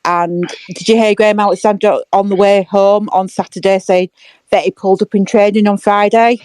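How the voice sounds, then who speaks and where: A giggly, chatty woman shares her thoughts and little stories on a fan podcast. Her voice is mid-pitched, and the sound is dry and close. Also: flat delivery, moderate pace, darkish tone, clear, resonant tone, dry recording. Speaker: podcast co-host. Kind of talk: casual fan chat.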